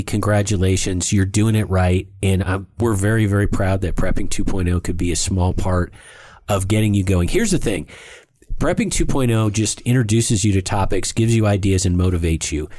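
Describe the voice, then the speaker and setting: Earnest low-voiced male podcast host. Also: moderate pace, a little mellow, no echo. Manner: earnest, emphatic, repeats words. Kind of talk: casual podcast talk.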